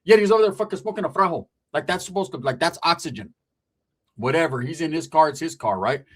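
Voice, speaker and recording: A man telling a comedic story with animated, profane, slangy delivery. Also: a little high, fast, husky.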